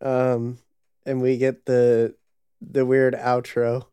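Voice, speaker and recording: A man talks slowly in a relaxed, amused way, chatting casually with a co-host. His voice is mellow and smooth. The sound is dry and close, with no room around it. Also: mid-range voice, no echo, highs cut off. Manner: slow, relaxed, amused, drawn-out explanations. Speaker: podcast co-host. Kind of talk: casual chat about anime.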